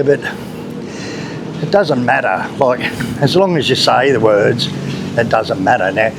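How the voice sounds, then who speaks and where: This Australian vlogger's voice is mid-range and creaky, with a measured pace and long pauses. He speaks bluntly and casually, swearing sometimes, as he walks back streets for a travel vlog. Heavy traffic and motorbikes are loud in the background.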